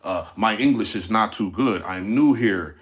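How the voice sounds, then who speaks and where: A man's voice: on the low side, measured pace, natural voice. A man putting on the voice of a smarmy foreign man who flirts crudely in broken English, leering and coaxing.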